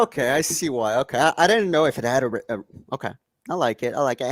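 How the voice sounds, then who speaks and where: A man's voice: medium pitch, expressive, fast talker, dry recording. A Canadian man hosting a podcast from home, chatting casually, rambling and laughing often while reading out chat comments. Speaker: podcast host. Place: home room.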